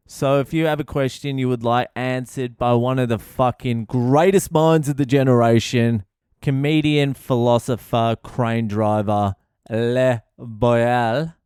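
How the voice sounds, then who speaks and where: A man's voice: medium pitch, darkish tone, smooth, no echo. A man with an Australian accent hosting a podcast, giving brash, profane comedic advice into a close mic. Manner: brash, sweary, rowdy.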